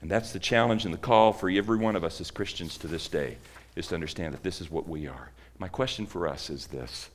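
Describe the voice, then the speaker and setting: A man's voice: deep voice, brisk. Man preaching a dramatic sermon. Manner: dramatic storytelling, swinging from loud to hushed. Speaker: pastor.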